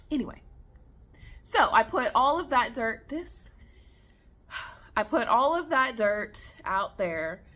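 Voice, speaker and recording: A young woman vlogger at home, casually telling a story to viewers in an animated, chatty way. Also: mid-range voice, a little hiss or hum. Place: at home on the floor with her snake.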